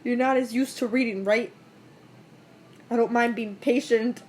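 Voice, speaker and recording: A woman voicing a shy, bookish teenage girl, reading game dialogue in a soft, hesitant way. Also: a little high, steady tone, unhurried, slight background noise, close to an everyday voice. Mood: gentle.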